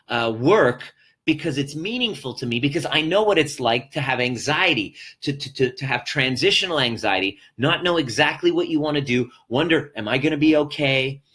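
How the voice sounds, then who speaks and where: A man's voice: fairly high pitch, fairly bright tone. A man talking as a life coach on a motivational live stream from a hotel room, speaking earnestly to viewers and repeating his key phrases.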